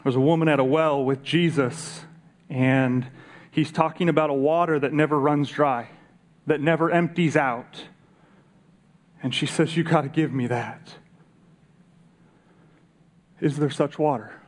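A man's voice: fairly high pitch, steady tone, unhurried. A man preaching a sermon in a conversational way, asking the congregation rhetorical questions. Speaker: pastor. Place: church service.

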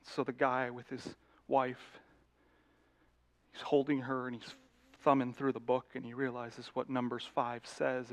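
A man's voice: mid-range voice, flat delivery, measured pace. A male pastor preaching a sermon, telling a story vividly and addressing the congregation directly.

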